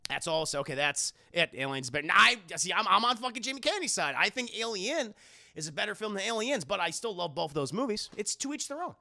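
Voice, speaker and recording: A man's voice: high-pitched, big pitch swings, quick pace, gravelly, pushed and bright. A man casually reviewing a film on a live stream, swearing freely, laughing often and talking straight to his chat.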